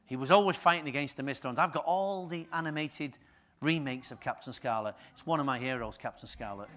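A middle-aged man preaching a sermon as pastor, telling stories lively and swinging from hushed asides to loud bursts. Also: medium pitch, fairly quick.

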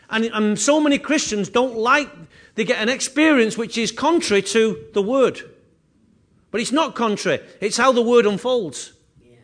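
Preaching with real earnestness, a man whose voice runs high delivers a sermon as a pastor. He circles back to key phrases and starts lines over while building toward his point.

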